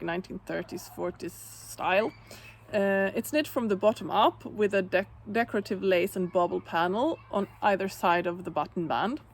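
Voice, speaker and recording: A woman hosting a knitting podcast, chatting casually on her own in a relaxed way with plenty of fillers. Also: medium pitch, gravelly. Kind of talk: casual solo chat.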